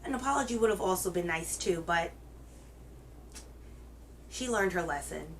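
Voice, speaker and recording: A woman hosting a children's reading show, telling a picture book aloud in a gentle, expressive way. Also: fairly low pitch, normal speed, a little hiss or hum, low-quality recording. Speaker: children's story reader, host.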